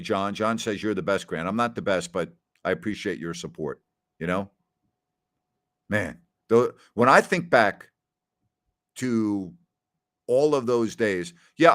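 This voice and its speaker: A man's voice: mid-range voice, a bit bright. Chatty man hosting a live Q&A. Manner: chatty storytelling, repeats names and phrases. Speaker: host. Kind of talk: live Q&A stream reading viewer comments.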